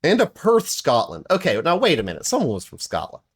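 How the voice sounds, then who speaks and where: A man's voice: huge pitch swings, fairly quick, husky. A man co-hosting a podcast, chatting casually and rambling with lots of fillers. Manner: mimics accents with big pitch jumps. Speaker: podcast co-host. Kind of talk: casual chat.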